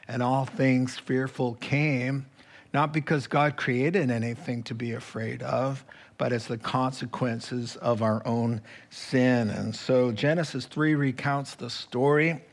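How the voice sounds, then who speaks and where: Slow, earnest male pastor. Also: mid-range voice. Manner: slow, earnest preaching with prayerful phrasing. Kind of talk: sermon.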